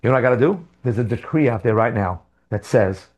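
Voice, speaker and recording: A man giving a Torah class as a religious teacher, animated, with rhetorical questions and emphatic repetitions. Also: mid-range voice, fast, highs cut off.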